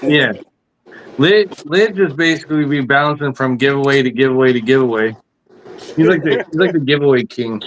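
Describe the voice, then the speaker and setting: A man's voice: mid-range voice, normal speed, slight background noise, poor audio. A man hosting a casual live chat, rambling and repeating himself as he talks shop. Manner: rambling with many repeats and restarts. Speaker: host.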